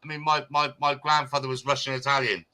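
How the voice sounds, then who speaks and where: A man from the United Kingdom chats casually with a very bright, forceful tone. He rambles and restarts his sentences often, in the easy manner of a relaxed group conversation. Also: mid-range voice, fast. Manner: chatty, rambling with many restarts. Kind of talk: casual chat.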